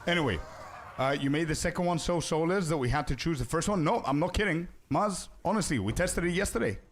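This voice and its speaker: A man's voice: on the high side, animated, brisk, slight background noise. A young man streaming a game, chatting casually with viewers and answering their questions. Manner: chatty, answers chat, says "bro" often. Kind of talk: casual live-stream chat.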